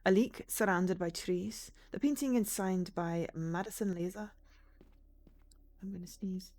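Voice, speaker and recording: A woman's voice: medium pitch, unhurried, darkish tone, dry recording. Chatty woman streaming a game. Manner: chatty, reads game text aloud, joking asides. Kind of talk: casual let's-play commentary.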